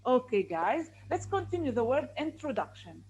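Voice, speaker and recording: A woman's voice: sits high, sing-song, normal speed, darkish tone, dull audio, slight background noise. A woman teaching an online English class over a video call, patiently repeating and stretching words as she explains.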